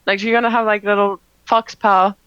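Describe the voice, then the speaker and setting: Woman game master, halting and filler-heavy, dry close sound. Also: medium pitch, flat delivery, a bit bright, clear, resonant tone, no room sound, dull audio. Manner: hesitant with many fillers and restarts, slow when describing. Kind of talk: narrating a tabletop game.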